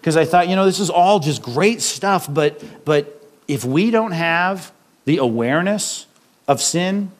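A man's voice: fairly high pitch, expressive, unhurried. A man preaching a sermon as pastor, talking conversationally with the congregation and tossing in frequent rhetorical questions and chuckling asides.

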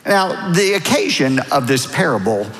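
A middle-aged pastor delivers a sermon in a church, his voice sitting a little high for a man. He swoops up and down with lively expression and acts out the people he quotes. The sound carries a long reverberant tail from the hall. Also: normal speed.

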